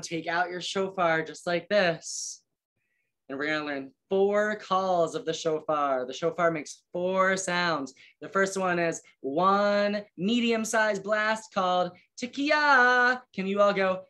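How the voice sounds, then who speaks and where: A woman's voice: medium pitch, a bit bright. A woman leading a children's service, singing and chanting sounds for little kids to copy in a playful way. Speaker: song leader with guitar. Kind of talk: leading children in song and call-and-response.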